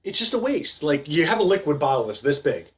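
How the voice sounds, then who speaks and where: A young man chimes in with dry, teasing remarks in casual podcast banter. His voice is high and bounces around in pitch. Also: big pitch swings, a little fast. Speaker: podcast co-host.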